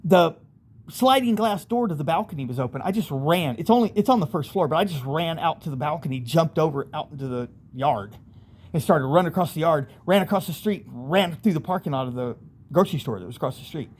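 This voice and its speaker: A man's voice: on the high side, lively intonation, fairly quick, slightly rough. A man casually telling a rambling, vivid first-person story, acting out voices in sudden bursts.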